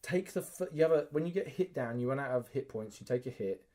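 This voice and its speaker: A man's voice: mid-range voice, fast. A man co-hosting a podcast, telling a story in casual chat and acting out the quotes. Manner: animated storyteller, acts out quotes, swears. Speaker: podcast co-host.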